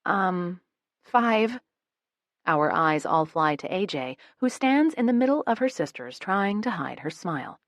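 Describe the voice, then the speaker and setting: A woman's voice: fairly low pitch, sing-song, normal speed, few pauses, no echo, studio quality. A woman narrating a romance audiobook in the first person, switching into many character voices.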